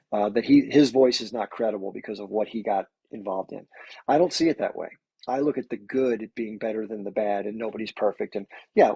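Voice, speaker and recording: A man's voice: lowish voice, a little mellow, husky, no echo, low-quality recording. A man hosting a livestream, talking earnestly and conversationally to his viewers. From United States. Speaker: livestream host. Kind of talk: casual livestream talk.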